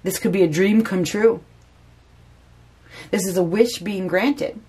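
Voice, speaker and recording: A woman's voice: mid-range voice, takes it slowly, darkish tone, slightly rough. A woman giving a casual spoken tarot reading, chatty and repeating phrases for emphasis. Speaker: tarot reader.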